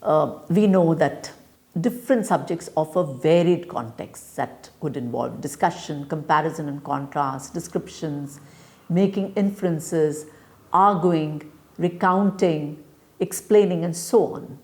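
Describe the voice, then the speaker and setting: A woman giving a recorded lecture to teachers, explaining step by step in a deliberate way with frequent fillers. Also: sits low, a little mellow. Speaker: teacher educator.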